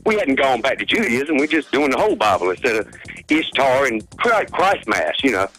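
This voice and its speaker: A man's voice: mid-range voice, very animated, normal speed, a bit bright, soft background music, low-quality recording. A man calling in to a radio show, rambling and chatty with many fillers. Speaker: caller. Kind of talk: phone-in call to a radio show.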